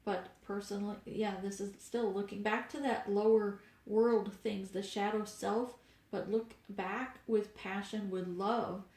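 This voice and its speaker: A woman's voice: medium pitch, steady tone, a little slow, roomy sound. Stuffed-up woman giving a rambling reading. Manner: meandering, with fillers and soft laughs. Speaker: spiritual reader. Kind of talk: casual tarot reading monologue.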